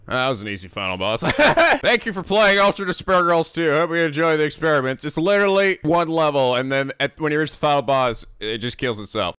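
A man giving profane, excitable running commentary while reacting to an anime episode. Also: fairly high pitch, a little fast, clear, resonant tone, dry recording, studio quality. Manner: excitable, profane, jumps into silly voices.

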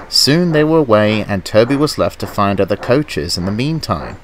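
A man tells a children's storybook tale with lively, rising and falling intonation. His reading is gentle and expressive over clear music. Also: fairly low pitch, moderate pace, few pauses. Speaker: narrator. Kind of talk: storybook narration.

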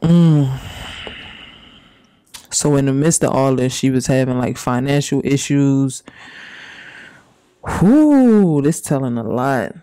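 A man doing casual, profane reaction commentary and reading messages aloud, with drawn-out reactions. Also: mid-range voice, animated, mellow, clean tone. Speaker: commentary YouTuber.

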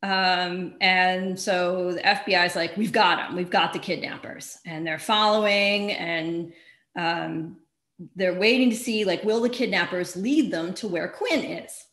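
A woman's voice: lowish voice, unhurried, fairly bright tone. Chatty woman telling a crime story, echoey room. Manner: chatty, filler-heavy, wry asides. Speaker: author giving a library talk. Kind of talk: casual true-crime storytelling talk. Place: library event room.

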